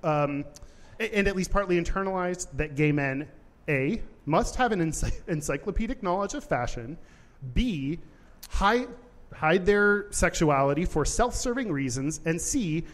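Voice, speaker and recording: A man co-hosting a podcast in front of a live audience, telling a story with lots of energy and jumping into high voices when he quotes people. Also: animated, moderate pace, in a large hall. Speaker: podcast co-host. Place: live show on stage.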